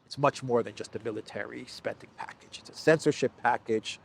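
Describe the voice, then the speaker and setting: A man's voice: medium pitch, fairly quick, gravelly, slightly rough. A man hosting a solo news commentary, talking in an emphatic, sarcastic way with frequent restarts. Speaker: political commentary host.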